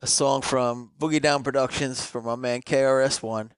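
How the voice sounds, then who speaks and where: A man's voice: medium pitch, fairly even intonation, normal speed, clean tone, no echo, clean studio sound. A man co-hosting a podcast, reading song lyrics aloud with dramatic relish and casual swearing. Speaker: podcast co-host. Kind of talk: casual chat.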